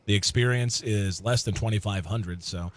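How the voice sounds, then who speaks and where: A man's voice: on the low side, normal speed, a little hiss or hum. Chatty man calling a live video game match. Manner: conversational, thinks aloud with fillers, laughs easily. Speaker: esports commentator.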